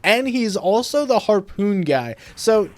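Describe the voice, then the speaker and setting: A young man with a high, light voice talks through gameplay footage in a voice-over. His delivery is steady and analytical, like a coach breaking down a match for viewers. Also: measured pace. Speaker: video creator and game analyst. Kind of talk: explanatory game commentary voice-over.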